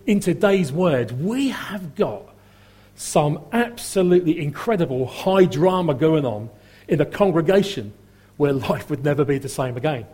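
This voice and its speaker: A man's voice: fairly high pitch, darkish tone. A middle-aged man from Norfolk with a Norfolk accent, preaching a sermon in a chatty, humorous way, often repeating and restarting his phrases. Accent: Norfolk English. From Norfolk, England.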